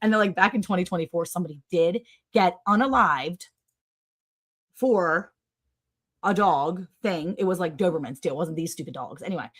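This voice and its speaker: A woman hosting a livestream, telling a story to her viewers in a chatty, sarcastic way, full of "like" and big jumps in pitch. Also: normal speed. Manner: animated, sarcastic, with wide swings in pitch; chatty, with many "like" fillers. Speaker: livestream host.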